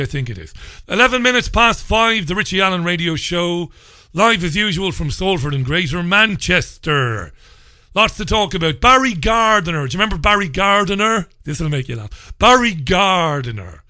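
Crude ranting radio host, high bright voice. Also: male voice, no room sound, clean studio sound. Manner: crude, mocking, loud bursts. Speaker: radio talk show host. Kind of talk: ranting commentary.

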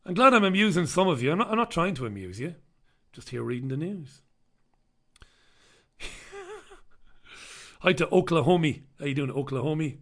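A man's voice: on the high side, big pitch swings, normal speed, pauses often, fairly bright tone. An Irish man hosting a live stream in casual chat, sardonic and sweary as he greets viewers and riffs on the news. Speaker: livestream host.

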